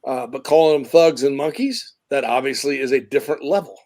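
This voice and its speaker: A man's voice: medium pitch, a little fast, darkish tone. A man hosting a casual sports talk show, rambling and thoughtful, correcting himself as he goes.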